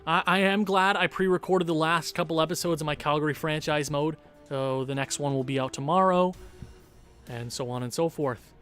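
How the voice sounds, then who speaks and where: A man's voice: fairly high pitch, moderate pace, a bit bright, soft background music. A man commentating his own hockey video game stream live, groaning and cheering at each goal, his voice wearing out. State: losing his voice. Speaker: gaming streamer.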